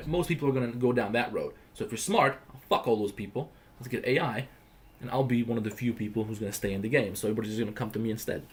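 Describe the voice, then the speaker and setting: A man from the Balkans hosts a casual livestream, firing off quick, blunt answers peppered with swearing. He talks fast and with heavy emphasis, pushing his opinions hard. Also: medium pitch. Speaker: livestream host.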